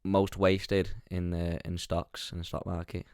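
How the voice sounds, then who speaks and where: A man's voice: low voice, flat delivery, unhurried, darkish tone, clean tone, dry recording, studio quality. A young man co-hosting a casual podcast chat, rambling and joking with frequent restarts. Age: young adult. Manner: rambling, jokey, restarts often. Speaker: podcast co-host.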